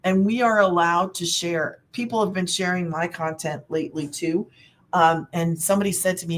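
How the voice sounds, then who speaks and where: A woman's voice: mid-range voice, brisk, fairly bright tone. A middle-aged woman coaching viewers on side hustles in a rambling, upbeat webinar chat. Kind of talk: casual webinar talk.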